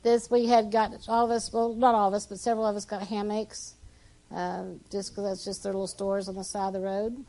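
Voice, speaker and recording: A woman's voice: medium pitch, level tone, fairly quick, poor audio. Chatty woman presenting trip photos. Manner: chatty, warm-hearted, with fillers. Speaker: church mission team member presenting.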